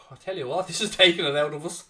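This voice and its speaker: High, bright-voiced sweary man. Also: recorded from a distance. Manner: swearing, excitable, cheering on his team and winding up rivals. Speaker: host of a football fan watchalong. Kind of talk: live reactive match commentary, casual banter.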